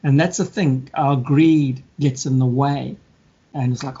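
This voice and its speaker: A man chatting casually, telling stories and acting out scammers and their victims in quick mock voices. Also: medium pitch, fairly even intonation, warm tone, husky. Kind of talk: casual chat. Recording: dull lo-fi sound.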